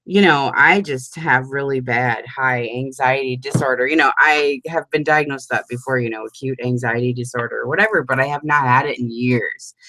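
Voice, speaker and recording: A woman in her forties chatting casually with her crafting group at home, talking fast and laughing often. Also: extremely low pitch, no room sound. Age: 40s. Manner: chatty and animated, breaks into frequent laughter. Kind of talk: casual chat.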